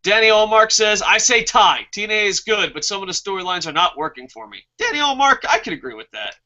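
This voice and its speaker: Reading out viewer comments on his wrestling review show, a host launches into heated, profanity-filled rants. His high, bright voice is forceful and fast, with big swings in pitch, captured on a muffled lo-fi recording.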